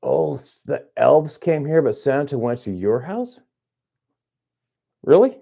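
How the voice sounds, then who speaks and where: A man's voice: mid-range voice, a little slow, vocal fry, dark tone. A man hosting a hunting channel, chatting casually on a livestream from a farmhouse, playful and teasing. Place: small farmhouse at Christmas.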